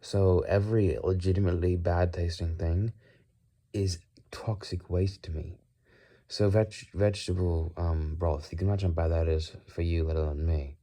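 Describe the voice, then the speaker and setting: A man musing aloud in a put-on British accent, calm and inquisitive, talking with a dry mouth in a rambling solo monologue. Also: low-pitched, normal speed. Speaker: video creator.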